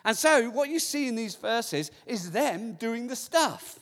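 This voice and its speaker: A man preaching a sermon as pastor, lively, now and then acting out voices of people in the story. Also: very high voice, unhurried, in a large hall.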